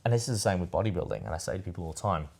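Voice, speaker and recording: Brief: low-pitched male podcast host, casual and meandering, swears freely. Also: big pitch swings, racing, gravelly, a little mellow, breathy edge. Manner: rambling, loose, repeats "anyway" and "I said". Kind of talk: casual storytelling chat.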